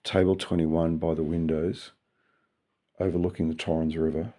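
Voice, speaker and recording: A man voicing a calm, concerned restaurant server reading back an order. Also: a bass voice, normal speed, voice pushed down. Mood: deadpan. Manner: hushed, deadpan.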